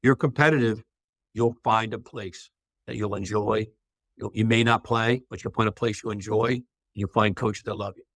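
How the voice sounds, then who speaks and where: A man in a casual podcast chat, explaining things in a steady, matter-of-fact way. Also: fairly low pitch, moderate pace, dry recording.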